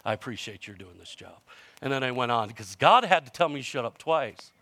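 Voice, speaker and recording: A man's voice: medium pitch, lively intonation, brisk, sharp tone. A man in his fifties preaching a sermon in a conversational storytelling way, with self-mocking humor and frequent restarts. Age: 50s. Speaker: pastor.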